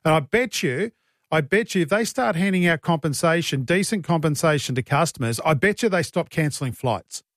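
A man's voice: a little high, lively intonation, fairly quick, a bit bright, no echo. An Australian man hosting a talkback radio show in a studio, chatty, joking and blunt. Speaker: radio host. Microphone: studio mic.

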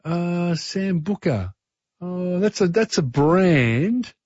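Chatty Australian radio quiz host. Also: male voice, high voice, expressive, slow, a little mellow, no echo, muffled recording. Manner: chatty, easygoing, filler-heavy.

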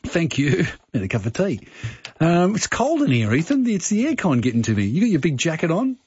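An Australian man hosts a casual radio chat with a husky, slightly breathy voice. The sound is dry and close, with a dull, muffled tone. He talks in a chatty way and often repeats himself. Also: a little high, huge pitch swings, a little fast, darkish tone, no echo. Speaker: radio host.

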